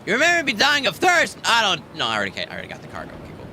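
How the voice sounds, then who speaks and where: An American man chats while he streams a space game, swinging widely in pitch with a sharp, bright edge. His voice sits a touch high for a man, and he jokes and swears freely. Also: huge pitch swings, racing, a little hiss or hum. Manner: profane, joking banter. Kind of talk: casual gameplay chat.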